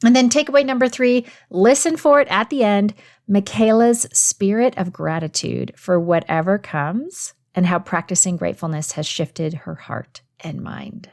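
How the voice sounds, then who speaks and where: An earnest woman at a mid-range pitch opens a faith-based podcast episode. She speaks to her listeners in an encouraging, conversational way with the odd filler, like a regular host setting up the week's interview. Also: moderate pace. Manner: earnest, encouraging, warmly direct address to listeners.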